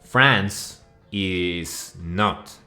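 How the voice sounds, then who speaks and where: Low male voice, from Mexico, mock-angry comic ranter with a foul mouth, faint music bed. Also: extremely slow, bright, forceful tone. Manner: profane, mock-outraged, rambling. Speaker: video essayist. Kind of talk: comedic rant over slides.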